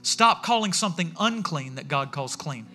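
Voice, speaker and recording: A man preaching a sermon as pastor in a church, telling stories in a lively way and acting out what people said. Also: fairly high pitch, moderate pace, over music. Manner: animated storytelling, acting out quotes.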